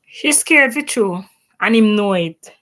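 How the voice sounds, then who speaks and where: Speaking at a medium pitch, this livestream host sounds animated and a touch bright, though she talks a little slowly. She's a Jamaican woman at home in Canada, running a casual opinion chat and punctuating her English with emphatic patois.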